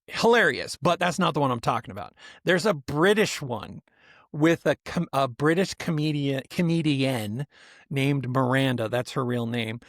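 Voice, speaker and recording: As a podcast co-host, a man tells a story in casual chat, rambling with lots of restarts and asides. His mid-range voice is fairly bright and moves at a normal speed, recorded with clean studio sound and no room sound.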